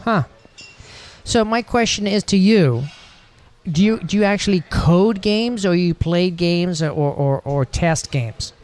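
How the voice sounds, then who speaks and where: A man's voice: sits high, slow, a little mellow. A man co-hosting a casual podcast, joking, teasing and rambling. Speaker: podcast co-host.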